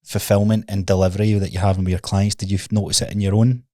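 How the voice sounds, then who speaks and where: Low-voiced host asking questions. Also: male voice, flat delivery, quick pace, mellow, no room sound, clean studio sound. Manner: reflective, asks thoughtful follow-up questions. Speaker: podcast host. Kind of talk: interview questions.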